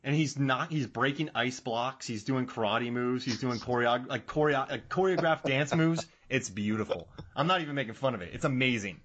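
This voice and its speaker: An excitable man riffing with a friend as podcast co-host, laughing a lot and making sound effects. His pitch sits at an ordinary middle height for a man. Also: normal speed, few pauses, lo-fi sound. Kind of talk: casual chat.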